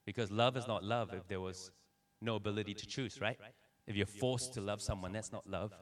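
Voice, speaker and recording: A man preaching a sermon, telling personal stories in an animated way and acting out the dialogue. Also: on the low side, brisk. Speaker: pastor. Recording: voice somewhat distant from the mic.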